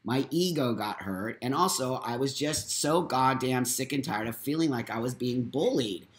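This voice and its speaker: A man's voice: mid-range voice, animated, moderate pace, reverberant. A middle-aged man hosting a live stream, delivering an emphatic, profanity-laced, preachy monologue.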